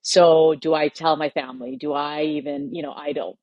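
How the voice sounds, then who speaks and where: A woman guest on a podcast, telling a personal story in a heartfelt way, pausing and choking up at times. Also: sits low, steady tone, no echo, dull audio. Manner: heartfelt, pauses and chokes up while recounting.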